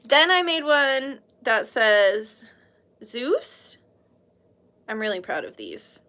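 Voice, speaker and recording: A woman's voice: a little high, big pitch swings, slow, sharp tone. A British woman hosting a casual livestream, chatting in a bubbly, giggly, gushing way. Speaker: livestream host showing handmade jewelry.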